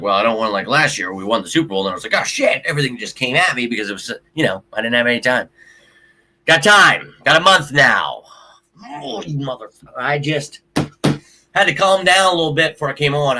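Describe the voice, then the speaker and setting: A man's voice: mid-range voice, pushed and bright. A man hosting a sports livestream, venting his frustration in casual, profane chat and reading out viewer comments. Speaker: sports show host.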